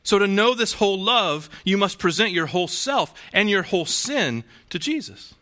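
A man's voice: high voice, sing-song, moderate pace, pushed and bright. A man preaching a sermon to a congregation in a conversational way, asking rhetorical questions and restarting phrases. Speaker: pastor.

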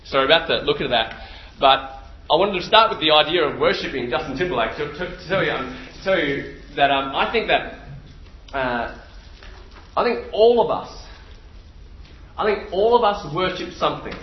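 A man in his thirties preaching a sermon, telling stories with lots of energy, repeating phrases and shouting out impressions. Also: fairly high pitch, animated, moderate pace, roomy sound, muffled recording. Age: 30s.

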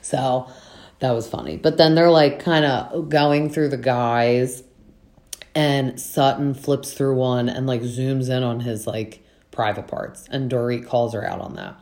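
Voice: medium pitch, fairly even intonation, unhurried, darkish tone. A podcast host recapping reality TV in a casual, chatty way, speaking frankly and with many filler words. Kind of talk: casual chat.

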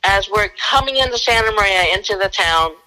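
A woman's voice: mid-range voice, poor audio. A woman working as a fugitive recovery agent, telling a story casually and animatedly and acting out the dialogue. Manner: animated, acts out dialogue in quick bursts.

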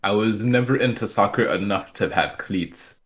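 Young guy, lowish voice, loose jokey podcast chat, lots of "like". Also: moderate pace. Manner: rambling, jokey, filler-heavy. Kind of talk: casual chat.

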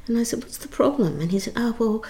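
A matter-of-fact male theatre producer , put on by a woman telling the story, with a Chinese accent. He speaks in short, clipped, broken English, half-whispered and higher than her own voice. He stays calm and level throughout. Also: fast talker, creaky.

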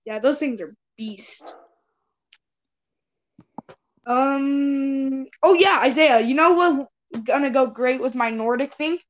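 A woman's voice: high-pitched, a little slow. A teenage girl hosting a casual chat with friends, teasing and giggly as she steers the topics. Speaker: podcast host.

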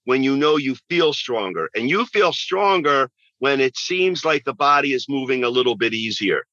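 A man's voice: medium pitch, animated, moderate pace, pushed and bright, no echo, muffled recording. A man who works as a fitness trainer, answering interview questions in an emphatic way and repeating phrases for stress.

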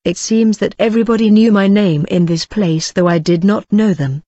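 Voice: medium pitch, normal speed, dark tone, dry recording. An earnest voice narrates a dramatic personal testimony, speaking straight to listeners as brothers and friends and slipping now and then in its grammar. The sound is dull and lo-fi, close and dry with no room around it. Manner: non-native grammar slips.

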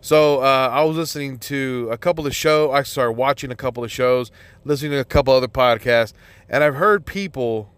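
A man's voice: a little high, a bit bright, no echo. Exasperated, foul-mouthed male podcaster. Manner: exasperated, heavy swearing, rambling with many fillers. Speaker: podcast host. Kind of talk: profane solo podcast rant.

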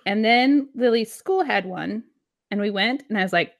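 A woman's voice: mid-range voice, moderate pace, dry recording, studio quality. Woman, 30s, podcast co-host, casual chat, mid-range voice, casual swearing.

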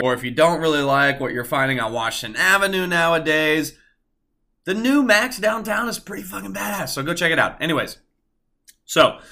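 A young man hosting his own podcast from his apartment, telling a story in a casual, animated and very profane way, sometimes calling himself by a nickname. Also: mid-range voice. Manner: animated, profane, talks about himself in third person. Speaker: podcast host.

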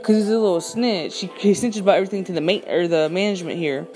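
A woman telling a casual storytime about a run-in with her neighbor, indignant and animated, full of slang and swearing, from her home. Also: on the low side, fast talker, soft background music. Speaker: storyteller recounting a neighbor dispute.

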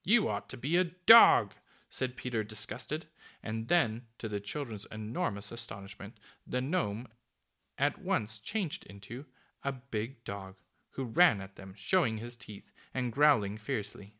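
A man reading a children's story aloud, steady with small slips and restarts. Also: mid-range voice, unhurried. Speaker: narrator.

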